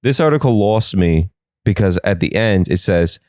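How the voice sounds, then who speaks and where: A man's voice: fairly low pitch, animated, moderate pace, darkish tone, no echo, studio quality. A young man hosting a comedy podcast, riffing sarcastically on the news and slipping into silly voices.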